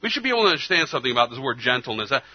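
A man preaching a sermon earnestly, his delivery moving between hushed, slow passages and emphatic ones. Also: mid-range voice, sing-song. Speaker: pastor. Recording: slightly dull lo-fi sound.

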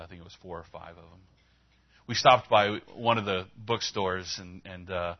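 Low-voiced male pastor preaching. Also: muffled recording. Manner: conversational, retells dialogue with rising emphasis. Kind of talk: sermon with a storytelling anecdote.

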